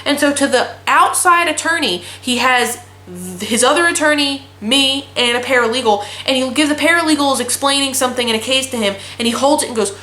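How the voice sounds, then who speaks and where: A young woman in her twenties talks in a slightly high voice, blunt and swearing freely as she rants. Her voice bounces around an echoey room. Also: brisk, sharp tone. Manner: blunt, profane ranting storyteller. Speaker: vlogger. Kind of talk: casual chat.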